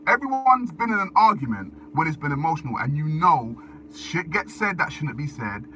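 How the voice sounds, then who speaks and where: A man talks into his phone on a live stream, his pitch swinging up and down as he gets worked up. He swears freely and circles back over the same words. Road noise and passing vehicles sit clearly behind him. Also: moderate pace. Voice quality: animated, profane, repetitive. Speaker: livestreamer. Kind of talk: casual live-stream rant.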